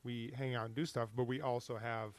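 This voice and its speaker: Male podcast co-host, mid-pitch, halting and opinionated, dry close mic. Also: flat delivery, no echo. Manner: halting, many fillers and restarts, opinionated. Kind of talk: casual chat recapping a TV show.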